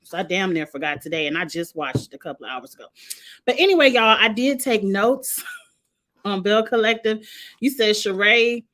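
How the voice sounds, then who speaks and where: A woman's voice: medium pitch, moderate pace. Sassy woman ranting about a show. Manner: animated, sassy, exasperated commentary. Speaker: reality TV reviewer. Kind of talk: casual recap rant.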